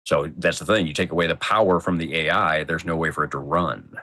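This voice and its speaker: A man's voice: rumbling low, steady tone, brisk, pushed and bright, no room sound. A man guest on a casual talk show, thinking aloud and making emphatic points. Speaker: podcast guest. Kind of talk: casual chat.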